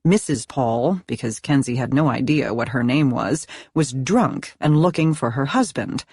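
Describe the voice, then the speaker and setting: A woman narrating a thriller audiobook in an expressive, dramatic reading style. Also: very deep voice, unhurried, breathy edge, dry recording, studio quality. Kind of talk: scripted narration.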